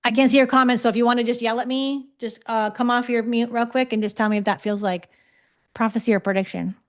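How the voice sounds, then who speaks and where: A woman's voice: fairly high pitch, fairly even intonation, fast talker. A woman teaching a live online class over a video call, talking conversationally and checking in often with her listeners. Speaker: psychic development teacher.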